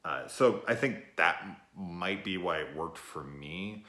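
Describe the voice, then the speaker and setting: Low-voiced profane man in echoey room. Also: takes it slowly. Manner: rambling, profane, animated, full of fillers. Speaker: film reviewer. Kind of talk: casual spoken movie review.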